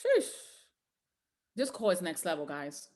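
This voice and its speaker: A woman's voice: lowish voice, wildly swooping pitch, measured pace, a little mellow. A woman giving a motivational talk to a group call, preacher-like and exhorting, with repeated rallying lines. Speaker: motivational trainer.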